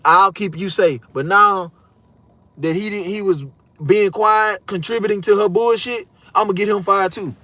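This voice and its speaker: Heated high-voiced young man ranting. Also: fairly bright tone, slight background noise. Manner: heated, profane, acts out quotes in raised voices. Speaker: vlogger. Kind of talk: animated storytelling rant.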